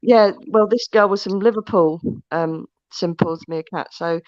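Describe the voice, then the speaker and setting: A woman's voice: fairly low pitch, a little slow, a little mellow, no room sound. A woman co-hosting a live stream in casual chat, laughing, swearing cheerfully and poking fun at herself. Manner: laughing, swearing, self-deprecating. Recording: dull lo-fi stream audio.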